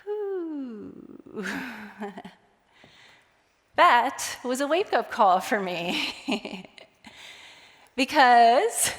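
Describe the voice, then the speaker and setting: A woman giving a storytelling conference talk, acting out bits of dialogue as she goes. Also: medium pitch. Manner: animated, acts out quoted dialogue. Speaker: conference speaker. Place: large conference hall. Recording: long hall reverb.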